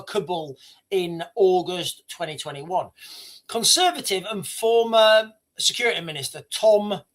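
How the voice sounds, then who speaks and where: A man's voice: high-pitched, a bit bright. A man hosting a livestream, commenting on a news article he reads aloud. His voice swings widely up and down as he makes his points emphatically. He often repeats lines and trips over words before restarting. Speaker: livestream host.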